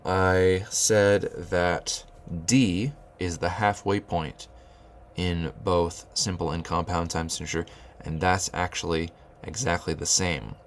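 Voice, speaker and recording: A man's voice: deep voice, a little hiss or hum. A man teaching rhythmic solfege, explaining note beams and chanting counting syllables, often restarting his phrases. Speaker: music teacher.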